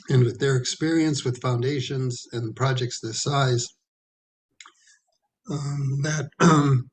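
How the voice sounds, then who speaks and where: A man presenting a design at a town planning meeting, halting with many ums and repeated throat clearing as he is losing his voice. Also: mid-range voice, a little hiss or hum. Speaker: architect presenting to a planning commission. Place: town hall meeting room.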